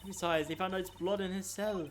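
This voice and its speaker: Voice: mid-range voice, fairly even intonation, normal speed, lightly acted. A streamer voicing a flirty, condescending female prison warden from a video game, talking down to everyone with darlings and sweeties, with faint music underneath. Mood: sugary, dismissive. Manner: sugary, patronizing, calls others darling and sweetie. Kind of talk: reading a video game's dialogue aloud on stream.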